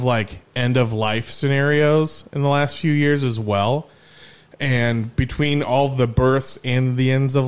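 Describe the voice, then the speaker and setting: A man hosting a podcast, telling stories in a lively, casual way and swearing freely. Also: mid-range voice, clean tone. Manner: animated storyteller, swears freely. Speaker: podcast host.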